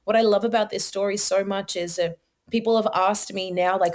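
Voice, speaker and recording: A young adult woman, telling her personal testimony as a podcast guest in an animated, slangy way. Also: medium pitch, a little fast. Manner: animated storyteller, slangy, many likes and ums.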